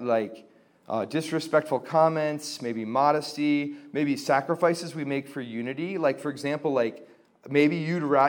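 This Christian formation teacher is a young man whose mid-range voice sounds a little mellow. Addressing a group informally about reconciling relationships, he chats along with many fillers and plays out quoted conversations.

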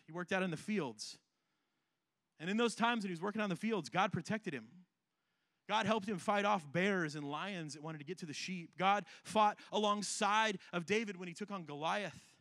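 A man with a fairly high voice preaches a sermon, recorded close and dry. He reads scripture, then riffs on it in an easygoing, humorous style, checking in with the congregation as he goes. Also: a bit bright, no room sound. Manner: conversational and humorous, often checking in with "right?". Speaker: pastor.

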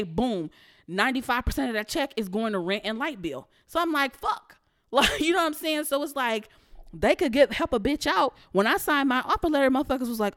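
A young woman hosts a podcast and rants about work bluntly, with heavy profanity. Her mid-range voice stays animated through her casual stories, and the recording is dry and close with no room sound.

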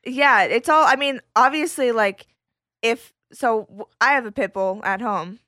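Young woman, bright voice, slightly high, podcast chat, rambling storyteller, dry close sound. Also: measured pace, no echo. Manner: rambling, fillers of "like", acts out quotes. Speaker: podcast guest.

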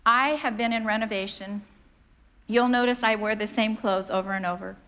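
A middle-aged woman, a pastor, preaching a sermon in an animated, conversational way, often acting out the voices of people in her stories. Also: medium pitch, moderate pace. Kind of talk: sermon with storytelling.

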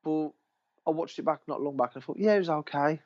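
A man with a fairly high voice talks fast as he co-hosts a casual film podcast. He rambles with enthusiasm and keeps cutting himself off, and the recording sounds dull and lo-fi.

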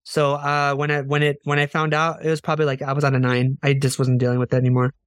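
A man's voice: medium pitch, quick pace, clean tone, no room sound, studio quality. A man co-hosting a casual podcast chat, telling stories with swearing and acting out what people said. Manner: animated storyteller, swears, acts out quoted lines. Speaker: podcast co-host.

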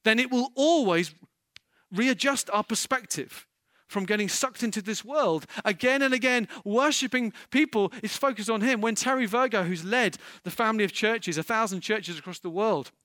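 At a normal speed, a man preaching as a pastor gives a passionate sermon, his high, bright voice reaching emphatic peaks. There's no echo; the sound is dry and intimate, with no surrounding space.

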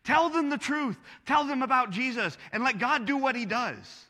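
Guy preaching in church, high voice, really bright and sharp, asks the crowd questions a lot. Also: lively intonation, normal speed, long reverb tail. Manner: earnest, conversational preaching with rhetorical questions. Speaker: pastor. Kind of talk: sermon.

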